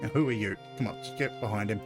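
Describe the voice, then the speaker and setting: A man's voice: on the low side, fast talker, over music. Man thinking aloud over a game. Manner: musing, thinking aloud, self-correcting. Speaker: gamer playing a video game. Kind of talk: let's-play commentary.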